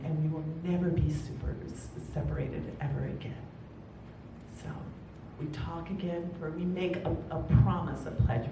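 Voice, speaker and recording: A middle-aged woman tells a personal story on stage at a live storytelling event, animated and emphatic, with chatty asides to the audience. She is far from the mic in an echoey hall with rumbling noise.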